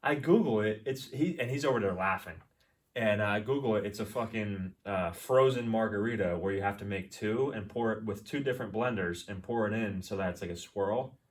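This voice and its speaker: A man co-hosting a podcast, telling animated stories in casual chat, swearing and acting out the people in them. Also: lowish voice, fairly quick, far from the mic. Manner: animated storyteller, swearing, acts out voices. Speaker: podcast co-host.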